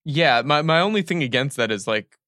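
An easygoing man co-hosting a TV recap podcast. His voice is bright and forward, and his tone is agreeable and casual. He is recorded close and dry. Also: on the high side, expressive, brisk, no room sound. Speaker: podcast co-host.

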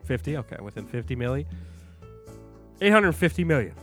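Young guy co-host, animated pitch, loose joking talk, faint music. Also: fairly quick. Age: young adult. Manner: laid-back, joking, hesitant fillers. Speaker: podcast co-host. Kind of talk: casual sports chat.

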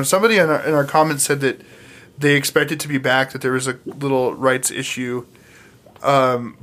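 A man's voice: fairly high pitch, a bit bright. A man hosting a podcast in casual chat, rambling with lots of fillers and casual swearing. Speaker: podcast host.

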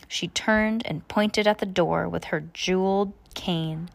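A woman's voice: fairly low pitch, unhurried, creaky, few pauses. A woman, a parent, reading a book aloud to her child in plain narration with small stumbles and self-corrections.

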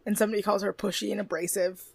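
A woman co-hosting a casual podcast recaps a TV show in a mid-range, husky, creaky voice, talking at a racing pace with little pitch movement and no echo. She's chatty, swears freely, laughs, and acts out quotes.

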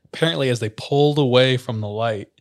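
Young man telling a lively story. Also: mid-range voice, a little fast. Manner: animated storyteller, acts out quotes, laughs often. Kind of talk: casual storytelling chat.

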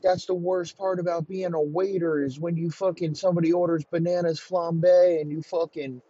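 A man putting on a high, whiny voice for a panicked, wounded waiter ranting about his burnt hand. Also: little pitch movement, normal speed, mellow, slightly rough, no room sound, dull audio. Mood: whining rant.

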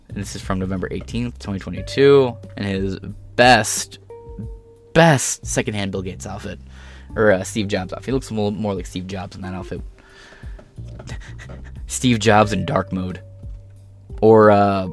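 A man's voice: fairly low pitch, normal speed, faint music behind. A man from Canada, hosting a podcast and ranting bluntly with lots of swearing. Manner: profane, blunt, heated. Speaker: podcast host. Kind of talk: ranting commentary.

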